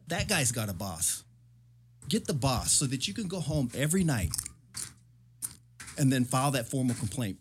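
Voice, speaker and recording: A man's voice: mid-range voice, a little hiss or hum. A middle-aged man in casual talk, earnestly repeating advice to get home safely. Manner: earnest, repetitive, advising.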